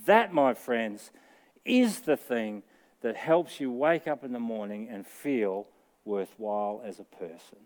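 A man's voice: mid-range voice, expressive, a little slow, a little mellow. Aussie pastor guy preaching, chatty and earnest, middle-aged, voice climbs when he makes a point. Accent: Australian. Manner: earnest, conversational preaching with rising emphatic peaks. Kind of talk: sermon.

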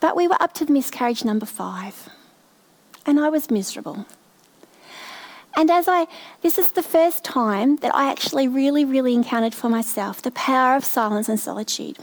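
A middle-aged woman delivers a sermon in a high voice. She speaks slowly and from the heart, weaving a personal story into her message. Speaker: preacher.

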